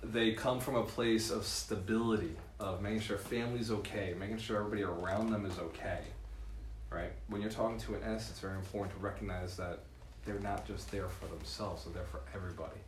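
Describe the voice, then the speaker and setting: A man giving a live seminar as a real estate mentor, lively and laughing often, tagging points with "right?". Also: on the low side, fairly quick, echoey room, a little hiss or hum. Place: room with a live audience.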